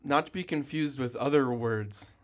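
A man with a mid-range voice co-hosts a casual podcast, easygoing and quick to laugh. He talks in a relaxed way with a dry sense of humor, recorded in a small office. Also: medium pitch. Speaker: podcast co-host. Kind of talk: casual chat.

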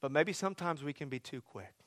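A man's voice: fairly high pitch, a little fast, fairly bright tone, no echo. A man preaching a sermon as pastor, earnest, building to pleading, emphatic questions.

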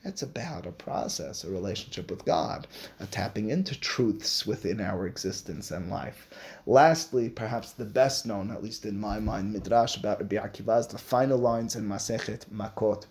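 Animated man teaching a Torah class. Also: lowish voice, normal speed. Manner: animated, emphatic, rhetorical questions. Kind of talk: classroom lecture.

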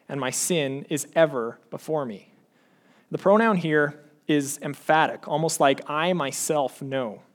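Male preacher, slightly high voice, earnest sermon delivery with slow scripture reading. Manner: earnest, pleading questions to the congregation; slows down to read scripture aloud.

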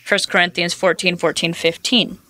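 A woman's voice: lowish voice, little pitch movement, moderate pace, sharp tone. A woman preaching a sermon, telling personal stories and quoting scripture in an earnest way. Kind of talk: sermon teaching.

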